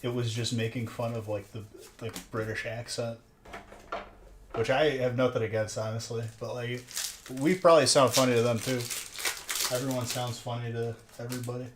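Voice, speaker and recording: In a level, mid-range voice at a moderate pace, a streamer opening card packs rambles through late-night banter, joking with viewers in the chat. It's relaxed live-stream talk, recorded in an echoey space with background noise.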